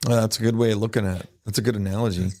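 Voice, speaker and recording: A man hosting a podcast interview, affirming his guest and asking questions with many pauses. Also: lowish voice, steady tone, a little mellow. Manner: affirming, halting with fillers. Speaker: podcast host.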